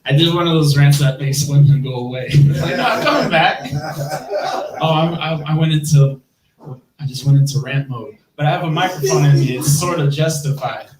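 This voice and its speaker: A Midwestern man rambles through a stand-up set, picking on himself and laughing at his own lines. His voice sits a touch high. He sounds far from the mic, in a room full of echo. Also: a little fast, over a noisy crowd. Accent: Midwestern American. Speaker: stand-up comedian. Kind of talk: stand-up comedy set on a live stream.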